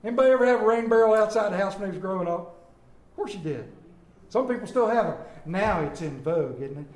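A man preaching a sermon, telling folksy stories with animated delivery and rhetorical questions to the congregation. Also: high voice, quick pace. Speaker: pastor. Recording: echoey room.

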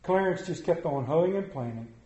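Preacher in an echoey church. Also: male voice, on the high side, expressive, normal speed. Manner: storytelling preacher, swelling loud then dropping to quiet. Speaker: pastor. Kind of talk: sermon. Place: church sanctuary.

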